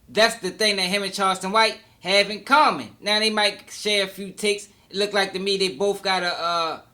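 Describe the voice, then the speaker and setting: Bright-voiced skeptical male commentator. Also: sits high. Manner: skeptical, questioning. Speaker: commentary channel host. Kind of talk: commentary monologue.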